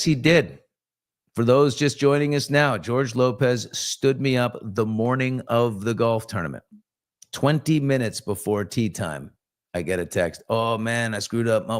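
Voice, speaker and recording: A man hosting a casual live morning chat, reading out viewer comments and rambling through stories with many fillers and restarts. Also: mid-range voice. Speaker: talk show host.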